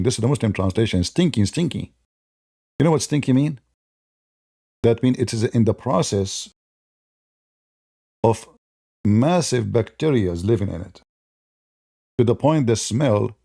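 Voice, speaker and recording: Man, gravelly, sarcastic debate-show host with a mellow, dark tone. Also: no echo, studio quality. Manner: mocking, sarcastic, imitates opponents in high voices. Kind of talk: polemical monologue.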